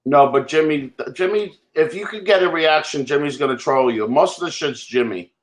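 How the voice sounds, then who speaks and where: A man's voice: fairly high pitch, normal speed. A man in a heated live webcast argument, blunt and profane as he insists on his point. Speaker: livestream participant.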